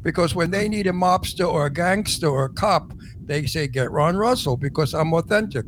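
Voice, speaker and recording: A man's voice: a little high, animated, moderate pace, a little hiss or hum. An older man with a Brooklyn New York accent, co-hosting a chat show, blunt and joking. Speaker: co-host. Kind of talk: casual chat.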